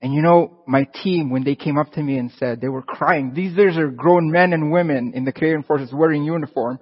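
A man's voice: fairly high pitch, brisk, slightly rough. Man preaching in a reverberant hall. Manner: conversational preaching with rising emphatic bursts. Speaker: pastor. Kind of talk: sermon. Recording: dull lo-fi sound with long hall reverb.

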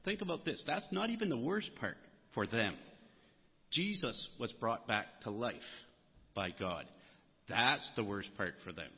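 A man's voice: medium pitch, lively intonation, measured pace, breathy edge. A man preaching a sermon, earnest, lifting his voice on the key words. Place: church sanctuary. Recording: muffled sound with long hall reverb.

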